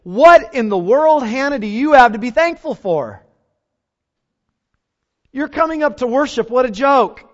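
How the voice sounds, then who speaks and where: A man's voice: very high-pitched, lively intonation, measured pace, long pauses, in a large hall, voice pushed up. A male preacher voicing a scornful rival wife who taunts another woman with sneering questions, on a dull lo-fi recording. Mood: mocking.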